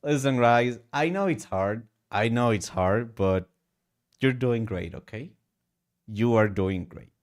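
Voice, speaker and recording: A male streamer chatting emotionally and excitably while gaming, with sudden high outbursts. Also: takes it slowly. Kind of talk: casual live-stream chat while gaming.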